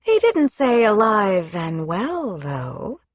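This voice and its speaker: A woman's voice: mid-range voice, very animated, takes it slowly, dry recording. A woman reading an audiobook, voicing a venomous, scheming female official who spits her words through gritted teeth. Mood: threatening.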